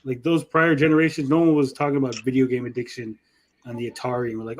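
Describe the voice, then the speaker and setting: A man's voice: mid-range voice, little pitch movement, fast talker. A man hosting a casual panel chat about games, rambling with lots of fillers and the odd swear. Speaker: podcast host.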